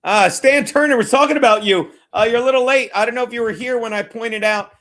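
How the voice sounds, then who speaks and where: Brief: brash, profane male streamer, high voice, rambling play calls and chat banter. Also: fast talker, fairly bright tone. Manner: profane, rambling, mutters while fiddling with browser; brash and mocking. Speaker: streamer hosting a betting watchalong. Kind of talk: live-stream commentary and chat.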